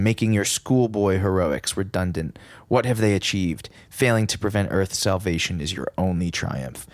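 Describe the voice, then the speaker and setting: A man's voice: lowish voice, normal speed, dry recording. A man co-hosting a comics podcast who chats casually and reads passages aloud. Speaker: podcast co-host. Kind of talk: casual chat.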